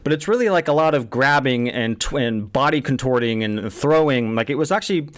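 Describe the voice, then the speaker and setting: A man's voice: medium pitch, animated, brisk. A man in his thirties giving a casual spoken movie review, blunt and exasperated, swearing often and asking rhetorical questions.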